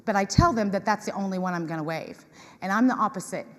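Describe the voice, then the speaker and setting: A woman giving a lively talk to an audience, acting out customers in quoted voices. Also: medium pitch, fast talker. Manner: animated, acts out tenants in quoted voices. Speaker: conference speaker on property management. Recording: reverberant hall.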